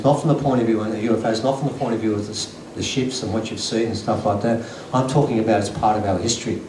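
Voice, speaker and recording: A man's voice: medium pitch, a little mellow, a little hiss or hum. A man giving an earnest, emphatic talk to a conference audience, telling stories. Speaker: conference speaker. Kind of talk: lecture to an audience. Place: conference hall. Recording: echoey hall recording from a distance.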